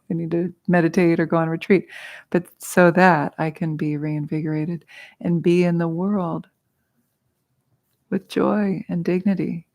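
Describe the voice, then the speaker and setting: Middle-aged female meditation teacher, slow, low-pitched, casual and humorous, laughs often. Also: a little mellow. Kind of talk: guided mantra teaching. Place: studio.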